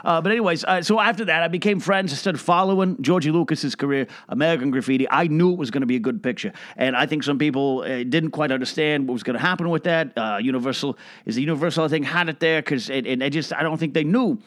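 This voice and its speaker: A man's voice: on the high side, fast, fairly bright tone, dry recording, natural voice. Guy playing a rambly old hollywood producer type, name-dropping, keeps restarting, dry close sound. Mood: rambling. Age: older. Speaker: film producer character. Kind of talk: comedic character monologue.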